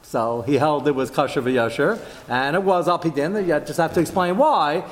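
A man giving a lively Torah class to a group, jumping his pitch up to act out quoted lines. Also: moderate pace, long reverb tail.

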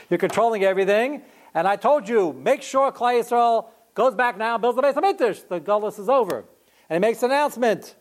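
A man with a fairly high voice teaches a Torah class in easy, talky tones. He is animated, his pitch jumps up when he plays out the people he quotes, and he scatters in asides and fillers. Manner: animated, lively rises in pitch, acts out quotes. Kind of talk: informal Torah lesson.

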